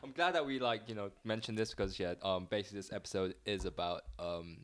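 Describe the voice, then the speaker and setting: A man's voice: fairly low pitch, fast talker, a bit bright. A man co-hosting a casual podcast, rambling with lots of fillers and hesitations. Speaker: podcast co-host. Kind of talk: casual chat.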